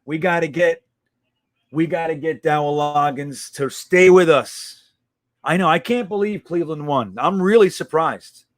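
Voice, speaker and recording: A man's voice: fairly high pitch, measured pace, no echo. A man hosting a casual live stream, reading viewer comments aloud with a blunt, profane, reactive manner.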